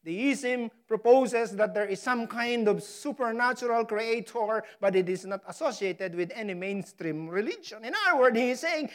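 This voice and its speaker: A woman preaching a sermon, stressing key words hard and pausing for effect. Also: mid-range voice, lively intonation. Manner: emphatic, dramatic pauses on key words; slow, deliberate delivery. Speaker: pastor.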